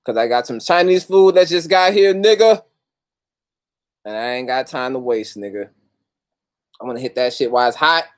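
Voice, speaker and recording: A man hosts a casual livestream, greeting viewers by name and talking loosely with street slang and lots of profanity. His mid-range voice is animated and runs at normal speed, broken by long pauses.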